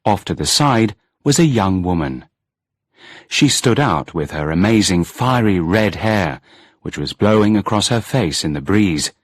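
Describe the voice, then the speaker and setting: A man reads a storybook aloud in a measured, expressive way. His voice sits fairly low and has a husky, breathy grain, and his pitch moves a lot. The sound is close and dry, with no room. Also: dry recording. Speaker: audiobook narrator. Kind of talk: scripted storybook narration.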